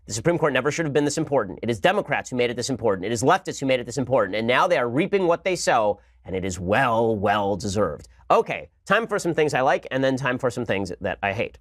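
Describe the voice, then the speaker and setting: A man's voice: medium pitch, very animated, no room sound, clean studio sound. A man hosting a show, delivering a sarcastic political commentary monologue. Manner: rapid-fire, sarcastic. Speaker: host.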